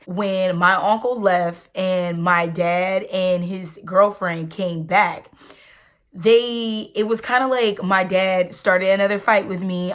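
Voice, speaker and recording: A young woman vlogger telling a personal story in an emphatic, slangy, animated way. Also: mid-range voice. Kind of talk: storytime vlog.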